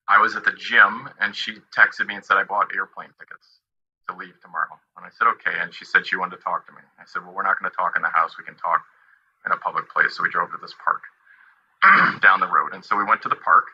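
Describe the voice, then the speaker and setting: A low-voiced man with a husky, strained edge, telling his side of a dispute. He halts and restarts, quoting past exchanges. The sound is dull and lo-fi. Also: bright, forceful tone. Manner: halting, quoting past talks. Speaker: party in a dispute. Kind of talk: personal account.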